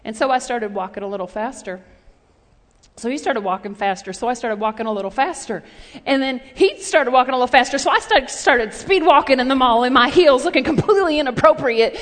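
Lady preacher telling stories in her sermon, pretty high voice, big echoey church sound. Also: animated, brisk. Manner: conversational storytelling, calls for audience response. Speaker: pastor.

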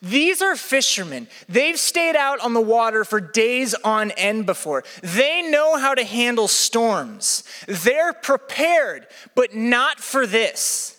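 Animated young pastor preaching in a hall. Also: male voice. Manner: animated, acts out quoted people with big pitch swings. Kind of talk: sermon with storytelling. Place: church hall with a live audience. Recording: long hall reverb.

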